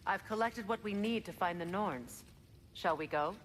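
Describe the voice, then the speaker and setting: An actress playing an earnest, persuasive goddess companion in a video game. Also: female voice, mid-range voice, moderate pace, close to an everyday voice. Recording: noisy game audio.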